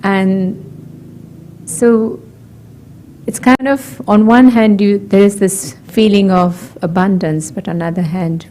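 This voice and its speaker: A woman from India giving a gentle, conversational talk to a group, asking reflective questions and laughing lightly. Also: mid-range voice, a little hiss or hum. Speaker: meditation talk speaker.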